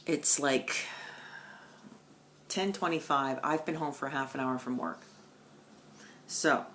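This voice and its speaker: At home, a woman with a notably low voice chats casually about her stitching projects for her vlog. She speaks slowly with long pauses, swinging from loud bursts to hushed, near-whispered asides as she tells stories. A slight hiss or hum is audible.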